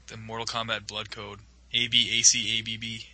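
A young man with a lowish, bright, forceful voice tells a long, rambling story in casual chat at normal speed, with little pitch movement. He fills it with "like" and acts out the voices of the people in it. The audio quality is poor.

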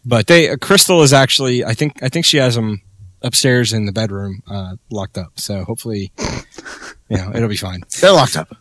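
A man hosting a podcast in a relaxed, casual chat, laughing often. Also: lowish voice, normal speed, no room sound. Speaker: podcast host.

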